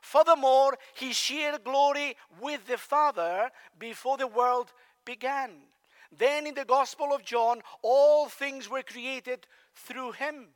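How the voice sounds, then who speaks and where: Male preacher from Spain, very high voice, conversational sermon, long reverb of a large hall. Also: takes it slowly. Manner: conversational, asks the congregation questions.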